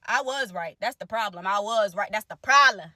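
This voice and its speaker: A young woman telling viewers a personal story in casual vlog talk, animated and direct, acting out what others said. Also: moderate pace, no echo. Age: young adult. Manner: animated, talks straight to viewers, acts out quotes; wide swings in pitch and loudness. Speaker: storyteller vlogger.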